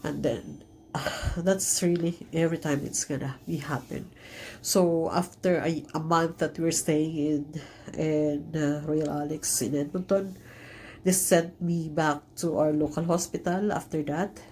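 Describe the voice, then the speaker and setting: A woman vlogger telling a personal story in an earnest, emotional way, halting often with fillers and restarts. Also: deep voice, fairly even intonation, darkish tone, slight background noise.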